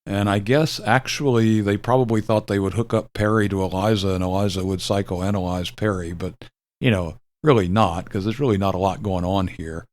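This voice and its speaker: An older man hosting a video, explaining a retro computer program in a relaxed, rambling way, with fillers and self-corrections. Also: lowish voice, normal speed. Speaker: video host demonstrating retro software. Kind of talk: casual explanatory demo.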